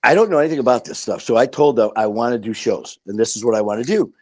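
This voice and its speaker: This middle-aged man speaks at an ordinary, mid-range pitch. He talks in a candid, rambling way, swears freely and acts out what people said to him as he tells his stories. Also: quick pace. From Detroit, Michigan. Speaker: podcast guest. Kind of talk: casual interview talk.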